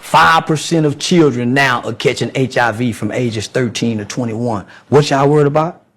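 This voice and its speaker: Gravelly preachy man lecturing bluntly. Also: mid-range voice, moderate pace, fairly bright tone. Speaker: podcast guest. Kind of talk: blunt social commentary.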